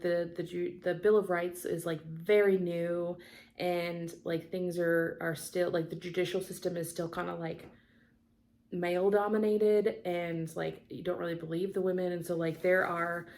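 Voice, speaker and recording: A young woman with a lowish, darkish voice chats casually in her cross-stitch craft vlog, rambling along with lots of fillers.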